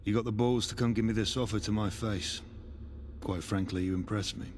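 An actor playing a calculating middle-aged crime boss in a video game, speaking in a measured, businesslike way. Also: male voice, lowish voice, fairly even intonation, a little mellow, a little hiss or hum, close to an everyday voice. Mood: coolly threatening. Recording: reverberant game audio with faint ambience.

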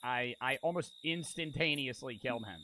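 A man's voice: mid-range voice, normal speed, bright, forceful tone, slight background noise. A young man streaming a game, muttering offhand comments and swearing casually.

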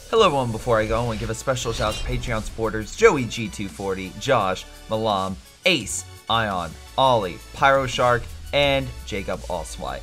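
A man's voice: fairly low pitch, animated, normal speed, hardly any pauses, a bit bright, faint music behind. A man giving let's-play commentary, reading game text aloud and blurting out exasperated reactions. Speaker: gaming YouTuber.

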